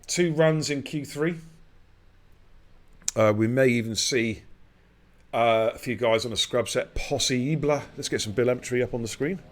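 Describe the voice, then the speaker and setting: A man's voice: medium pitch, moderate pace, long pauses. Middle-aged male stream host, mid-range voice, rowdy and jokey, race commentary. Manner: loud excitable hype with cheeky banter. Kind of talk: live esports race commentary.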